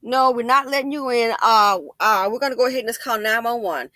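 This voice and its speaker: A woman hosts a casual commentary video, talking emphatically and wandering into side stories. Her voice is bright and sharp. The recording is dry and close. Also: fairly high pitch, a little fast, hardly any pauses, no echo. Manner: digressive, emphatic storytelling. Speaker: commentary channel host.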